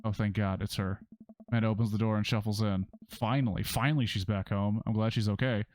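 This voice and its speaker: A man's voice: on the low side, steady tone, a little fast, darkish tone, dry recording. A man streaming a story game, reading its text aloud in a casual way with sarcastic asides and free swearing. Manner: sarcastic, swears freely, breaks into rants.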